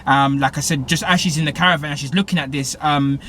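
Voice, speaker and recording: Young British guy, slightly high voice, casual rambling reviewer with lots of fillers. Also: steady tone, fast, pushed and bright, slight background noise. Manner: rambling, full of fillers and self-corrections. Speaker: TV show reviewer. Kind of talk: casual episode recap.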